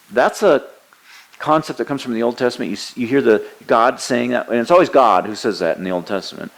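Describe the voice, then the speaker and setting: A man's voice: medium pitch, lively intonation, fairly quick, vocal fry, poor audio. A man preaching a sermon, teaching earnestly and quoting scripture with emphasis. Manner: frequent hesitations and restarts.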